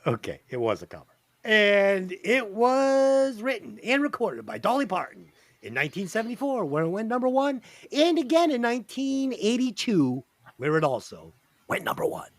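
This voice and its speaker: Male host, high and very lively voice, swears freely, dry close recording. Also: normal speed, no room sound. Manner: animated, profane, quizzing the others. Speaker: podcast host. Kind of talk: casual chat.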